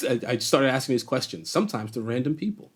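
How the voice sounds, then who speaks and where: Laughing man telling animated stories. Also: medium pitch, a little fast, slightly rough. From Chicago, USA. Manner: laughs often, animated storyteller with many restarts. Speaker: guest actor. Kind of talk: casual storytelling in an interview.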